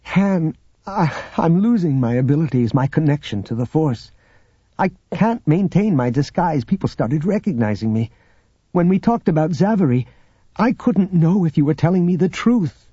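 A man's voice: on the high side, expressive, normal speed, warm tone, slightly rough, no room sound, voice pushed up. A man reading an audiobook, voicing a young male Jedi who pleads desperately. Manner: pleading, distraught. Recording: dull lo-fi audiobook recording.

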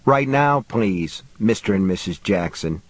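A man voicing a stern, menacing big male cop in an audiobook, giving quiet, cold, curt orders. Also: lowish voice, lively intonation, a little slow, no room sound, pitched below the performer's own voice. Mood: cold command. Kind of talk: audiobook character voice.

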